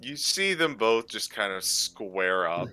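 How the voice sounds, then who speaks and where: Male game master, slow and bright, low voice, faint music under. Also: sing-song. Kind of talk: narrating a tabletop game.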